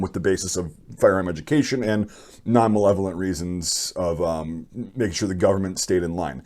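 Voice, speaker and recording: Young guy, lowish voice, blunt opinionated rambling commentary, lots of ums. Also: darkish tone. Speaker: channel host. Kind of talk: casual commentary reading viewer stories.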